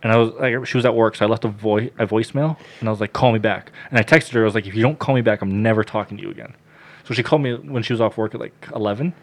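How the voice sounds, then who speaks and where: A man on a casual podcast, telling a story with lots of swearing and loud acted-out quotes. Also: lowish voice, racing.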